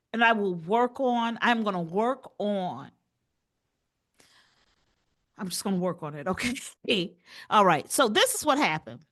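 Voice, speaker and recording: A woman co-hosting a comedy news chat in a bright, slightly high voice. She speaks slowly, with lively swings in pitch, and often breaks into laughter. Her manner is animated and playful. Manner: animated, laughs often, tries silly accents. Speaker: co-host.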